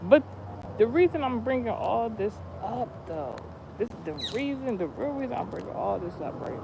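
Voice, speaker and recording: A man telling a rambling, animated story in a casual spiritual vlog, with many restarts, recorded outdoors near a street with passing cars. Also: very high-pitched, normal speed, creaky, noisy background. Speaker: vlogger.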